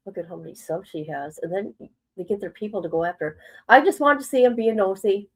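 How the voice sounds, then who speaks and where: A woman's voice: medium pitch, fast, husky, rough recording. A middle-aged woman chatting casually on a live stream as a commentator, rambling and emotional, often breaking into exclamations.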